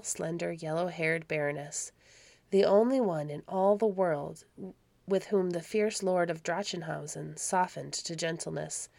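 A woman reading a classic story aloud in a calm, measured storybook narration. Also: on the low side, vocal fry, no echo. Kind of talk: scripted narration.

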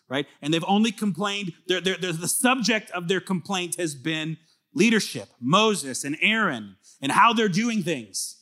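A man, a pastor, preaching a conversational sermon, acting out little quoted exchanges as he teaches. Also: on the high side. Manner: animated, conversational, acts out quoted voices.

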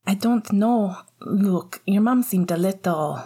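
A woman voicing a young male hockey captain, light and teasing, then soft and earnest. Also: medium pitch, slow, breathy edge.

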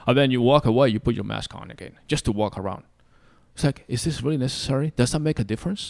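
A man's voice: medium pitch, fast talker, gravelly, a little mellow, no echo, studio quality. A man in casual conversation who rants at length, rambling and swearing freely as he vents. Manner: ranting, rambling, profane. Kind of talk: casual podcast chat.

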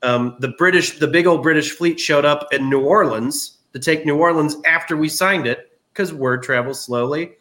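A man guest on a casual podcast, retelling war history in an animated, jokey way. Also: on the high side, moderate pace, few pauses.

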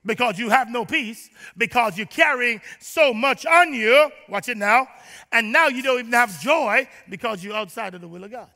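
A man preaching in a high, piercing, sharply bright voice. He acts out his listeners' prayers and swings from shouted declarations to hushed asides. The sermon rings with long reverb from a large hall. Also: moderate pace, vocal fry. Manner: shifts between loud declarations and near-whispers. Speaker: pastor.

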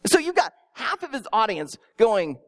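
A pastor preaching a sermon, telling it with animated storytelling and acting out imagined listeners, with small stammers. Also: medium pitch, normal speed. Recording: long reverb in a large hall.

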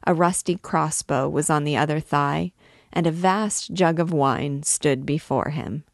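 A woman reading a classic novel aloud in measured, clear narration. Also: low voice, dry recording, clean studio sound. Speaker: reader. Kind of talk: literary read-aloud.

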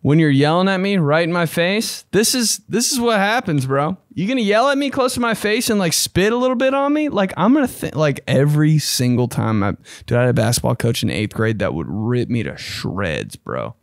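Young guy hosting a solo podcast. Casual and crude, with big swings in pitch. Dry, close sound. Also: brisk, hardly any pauses, dry recording. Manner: loose, profane and animated, with sudden jumps in pitch. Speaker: podcast host.

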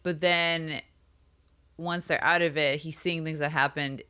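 A woman with a slightly low, bright and forceful voice joins a casual TV recap. She mostly adds short comments and questions to her co-host's retelling. She co-hosts a podcast. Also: fairly even intonation, a little slow, clean tone. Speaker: podcast co-host.

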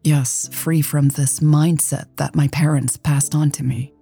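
A woman's voice: low voice, fairly even intonation, unhurried, gravelly, warm tone, breathy edge, faint music behind, exaggerated voice. A woman voicing a nervous, earnest young woman who talks awkwardly. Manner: awkward, stammering.

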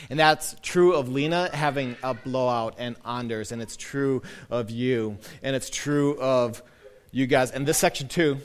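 Lively, animated male pastor preaching. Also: medium pitch, clean tone. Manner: lively, conversational preaching with soft, slowed quoted lines. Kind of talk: sermon.

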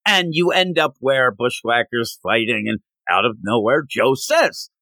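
A man's voice: mid-range voice, lively intonation, moderate pace, sharp tone, no room sound. A man hosting a comic book podcast, chatting casually and acting out characters' lines in silly voices. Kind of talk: casual chat.

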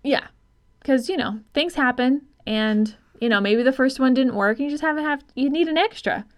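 A female podcast co-host in relaxed, unscripted conversation. She thinks out loud in rambling stretches. She swears casually and laughs easily. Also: high-pitched, normal speed. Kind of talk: casual film-review chat.

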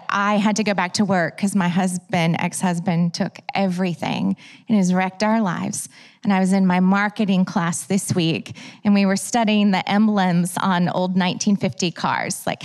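Teaching a church audience about prayer, a woman with a slightly low voice tells animated stories and acts out the lines she once spoke.

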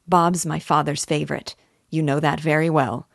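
A gloomy, bitter young man snaps savagely at his brother, pitched low by a woman reading a storybook aloud. The recording is dry and close. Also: flat delivery, normal speed, creaky, no echo. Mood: angry. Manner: savage, tense.

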